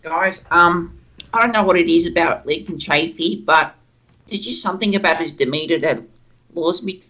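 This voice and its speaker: A man's voice: a little high, normal speed, sharp tone, poor audio. A man voicing a bumbling, nasal cartoon man, a disgraced doctor who stammers and rambles sheepishly. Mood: earnest stammering. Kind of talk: improvised character voice on a stream.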